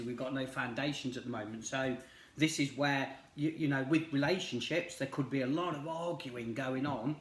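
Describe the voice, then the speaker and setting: A middle-aged man doing a tarot reading, talking casually and rambling, with lots of fillers and restarts. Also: medium pitch. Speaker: tarot reader. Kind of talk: casual chat while reading cards. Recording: roomy echo.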